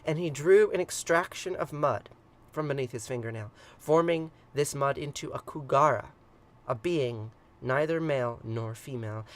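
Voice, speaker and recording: A man hosting a morning livestream, reading an old myth aloud and chatting with viewers, hesitant with many ums and quick to chuckle. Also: mid-range voice. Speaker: livestream ritual host. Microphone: livestream computer mic.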